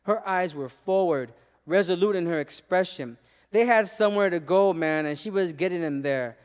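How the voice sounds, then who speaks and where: A man's voice: high voice, normal speed, smooth, long reverb tail. A man giving an emphatic spoken-word performance at a live arts venue, sprinkling his story with Spanish phrases. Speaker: poet and former teacher.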